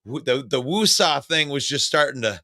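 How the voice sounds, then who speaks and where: A man's voice: medium pitch, lively intonation, normal speed, pushed and bright, dry recording. A man co-hosting a casual sports talk show, talking emotionally and rambling with frequent restarts.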